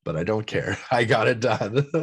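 A man hosting a podcast in casual chat, upbeat and quick to laugh. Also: on the low side, lively intonation, breathy edge. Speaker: podcast host.

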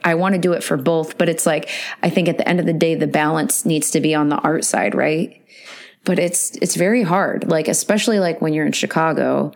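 Woman, podcast co-host, lowish voice, excitable, laughs mid-sentence. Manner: excitable, laughs through her words. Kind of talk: casual chat.

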